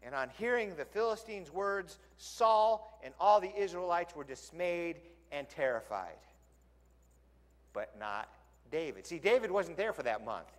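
A male pastor preaching a sermon in a lively, conversational storytelling way, in a church sanctuary. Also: on the high side, unhurried. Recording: long church hall reverb.

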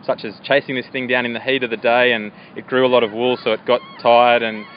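An Australian man hosting a casual outdoor interview, chatty, with lots of fillers and quick agreements. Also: mid-range voice, level tone. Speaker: host. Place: outdoors by a river path. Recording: dull lo-fi audio with faint outdoor noise.

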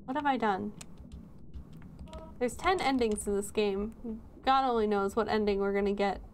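A woman's voice: medium pitch, normal speed, a little hiss or hum. A woman streaming a horror game, chatting with sarcastic jokes and giggles as she plays. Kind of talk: live game commentary.

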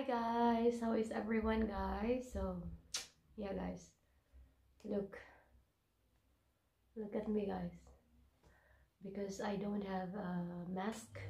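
A woman who is a vlogger and English teacher chats casually from her bedroom at home, where she's in self-quarantine with a cold. She sounds tired and often drops to a whisper. Her voice is mid-range with a dark tone and a roomy sound.

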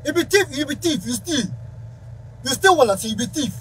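A man's voice: very high voice, lively intonation, a little fast, low-quality recording. A man speaking Ghanaian Pidgin English, a musician ranting angrily to camera in a heated, confrontational way. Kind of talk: angry rant to camera.

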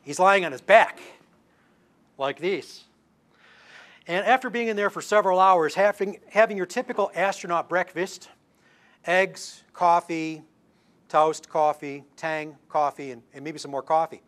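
A man's voice: fairly high pitch, moderate pace, a bit bright. An older man giving a public science talk, telling anecdotes with asides and restarts. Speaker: lecturing astronomer.

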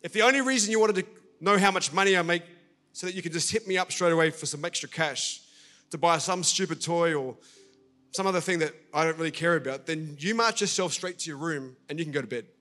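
A man's voice: a little high, animated, fairly quick, fairly bright tone. A man playing a short-tempered tired father. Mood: irritated. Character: tired, irritable working father.

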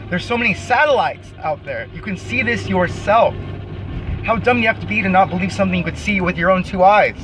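A man's voice: high-pitched, a little fast. A young man in an angry rant to camera, profane and scornful, repeating himself, recorded outdoors. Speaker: vlogger. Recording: noisy outdoor recording near traffic.

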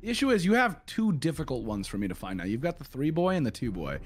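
A man's voice: sing-song, quick pace. A man teasing his opponent in casual banter over a video game. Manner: teasing, playful, swings between low mumbles and loud whoops. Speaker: gamer.

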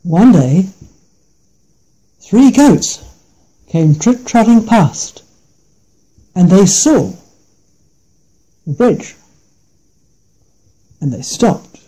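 A man telling a folk tale in a gentle, unhurried and playful way. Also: high voice, sing-song, slightly rough, low-quality recording. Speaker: storyteller.

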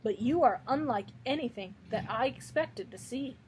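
A woman's voice: a little high, animated, moderate pace, background noise, lightly acted. A woman voicing a boastful, haughty old male cab horse in a storybook read-aloud. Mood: indignant. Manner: haughty, demanding.

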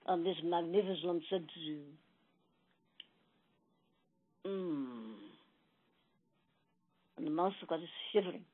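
A woman telling a spiritual parable in a gentle, emphatic, repetitive storytelling manner. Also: lowish voice, steady tone, fairly quick, husky. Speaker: spiritual channeler. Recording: tinny phone-like recording.

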